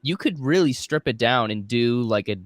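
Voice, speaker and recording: A man's voice: medium pitch, lively intonation, moderate pace, no room sound, clean studio sound. A man co-hosting a casual fan podcast, rambling and joking at his own expense. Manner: rambling, jokey, self-deprecating. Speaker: podcast co-host.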